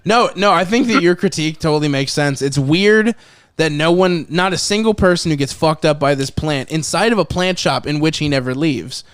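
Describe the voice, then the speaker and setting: Animated man in a dry room. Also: a little high, normal speed, no echo. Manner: animated, swearing, acts out movie lines. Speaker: film podcast host. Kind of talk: casual chat.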